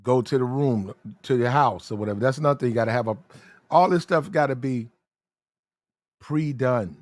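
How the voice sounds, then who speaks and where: A man giving blunt, slang-heavy dating advice in casual talk, drawing out his words slowly when he lists details. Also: mid-range voice, no echo, studio quality.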